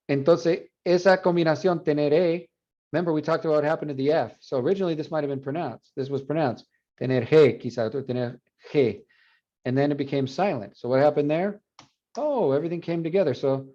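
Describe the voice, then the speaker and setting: A male Spanish professor giving an animated university lecture, repeating example words aloud to demonstrate. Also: mid-range voice. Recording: dull lo-fi classroom recording.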